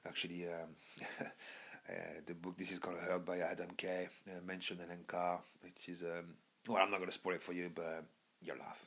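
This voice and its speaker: A young man from Birmingham with a lowish voice, chatting casually as a podcast host. He rambles, trailing off and restarting with plenty of fillers. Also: little pitch movement, moderate pace, a bit bright, breathy edge. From Birmingham, England. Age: young adult. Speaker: podcast host recommending books. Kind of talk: casual monologue.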